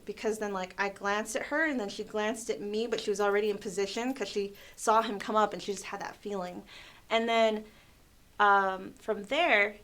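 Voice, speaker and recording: A young adult woman hosting a casual livestream, telling stories in an animated way, laughing often and saying "like" a lot. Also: mid-range voice. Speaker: livestream host. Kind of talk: casual storytelling chat.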